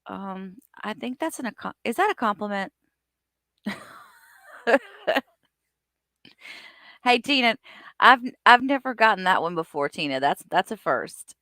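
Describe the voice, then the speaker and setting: A woman's voice: mid-range voice, expressive, measured pace, long pauses, bright, forceful tone, no echo, studio quality. Chatty woman hosting a livestream. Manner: chatty, greets viewers by name. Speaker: livestream host. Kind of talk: casual livestream chat reading viewer comments.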